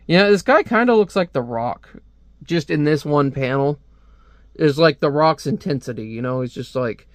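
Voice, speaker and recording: A man's voice: a little high, expressive, normal speed, no echo. A young man casually reviewing a comic book, joking sarcastically and slipping into silly voices as he reads panels aloud. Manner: jokey, sarcastic, breaks into silly put-on voices.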